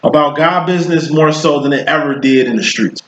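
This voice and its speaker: A man's voice: fairly high pitch, brisk, a bit bright. A man in his thirties giving a casual tarot reading as a psychic, talking bluntly in profane street slang. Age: 30s. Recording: roomy, dull lo-fi sound.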